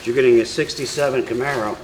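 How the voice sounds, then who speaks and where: A man's voice: medium pitch, steady tone, fast talker, noisy background. A man showing a visitor around his business, explaining in a friendly, persuasive sales manner. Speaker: business owner giving a tour. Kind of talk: casual sales talk.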